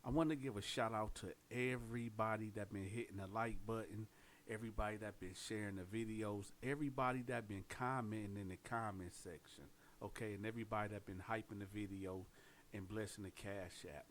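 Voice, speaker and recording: A man casually telling a prison story in streetwise slang, animated and direct. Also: fairly low pitch, a little fast, a little hiss or hum.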